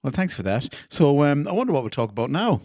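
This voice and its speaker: A man's voice: fairly high pitch, sing-song, fast talker, noisy background. A man hosting a casual podcast with playful, jokey banter. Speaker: podcast host.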